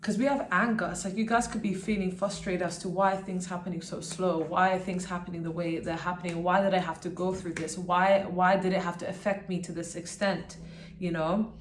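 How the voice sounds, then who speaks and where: A woman's voice: on the low side, little pitch movement, a little fast, echoey room, slight background noise. A woman giving a pick-a-card tarot reading to her viewers. She talks in a rambling, earnest way and keeps checking in with "okay?". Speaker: tarot reader.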